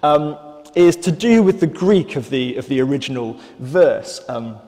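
A man preaching a sermon in a church, thoughtful and measured, with some fillers and restarts. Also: medium pitch, lively intonation, dark tone, big-room sound.

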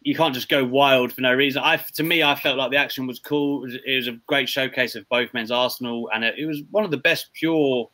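Bright-voiced chatty male podcast host. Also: mid-range voice, steady tone, fairly quick, few pauses. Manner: chatty, rambling with restarts. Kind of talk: casual wrestling chat.

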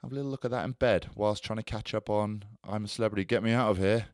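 Low-voiced man telling anecdotes. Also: fairly even intonation, fast, no room sound, clean studio sound. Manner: chatty anecdotal storyteller. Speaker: podcast co-host. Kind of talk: casual chat.

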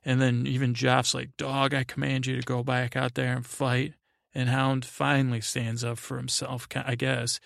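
Rambling man with a gravelly voice. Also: mid-range voice, monotone, moderate pace, a bit bright, no room sound, clean studio sound. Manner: meandering, casual, full of fillers and asides. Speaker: podcast host. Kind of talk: rambling sleep podcast episode recap.

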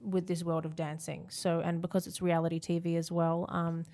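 A young Australian woman talking as an interview guest, chatty and quick to laugh, with lots of fillers and restarts. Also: fairly low pitch, little pitch movement, dark tone. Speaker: guest, reality-show dancer. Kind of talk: casual interview chat.

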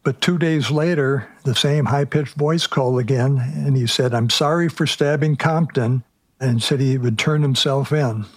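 A man, a prosecutor, recounting the facts of a case in a measured, factual way. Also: medium pitch, slightly rough, no echo. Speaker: prosecutor guest. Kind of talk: casual retelling of a case.

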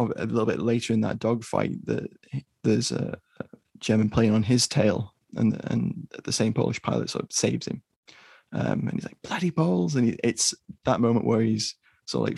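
A man co-hosting a podcast, discussing a film in a measured, hesitant way with many fillers. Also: on the low side, vocal fry, a little mellow, breathy edge, dry recording, clean studio sound. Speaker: podcast co-host.

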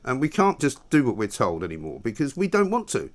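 A man hosting a talk radio show, chatting conversationally and reassuring his guest. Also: mid-range voice. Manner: conversational and animated, reassuring, quick to agree. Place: radio studio.

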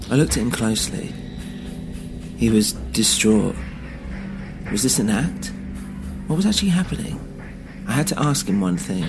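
A man narrating an audio drama in the first person with tense, measured storytelling. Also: on the low side, sing-song, over music. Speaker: narrator and host.

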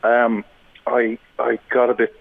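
An Irish comedian telling rambling, self-deprecating gig stories in casual chat. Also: male voice, mid-range voice, monotone, slow, vocal fry. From Ireland. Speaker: stand-up comedian guest. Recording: tinny phone-like line.

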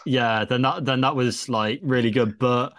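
A man co-hosting a casual podcast, speaking haltingly and often repeating words as he starts a thought. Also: mid-range voice, fairly even intonation, fairly bright tone, clean tone, dry recording, clean studio sound. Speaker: podcast co-host.

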